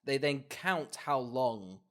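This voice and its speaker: A man's voice: medium pitch, animated, takes it slowly, fairly bright tone. A young man co-hosting a casual film-review podcast, recapping the plot with dry, sarcastic commentary. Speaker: podcast co-host.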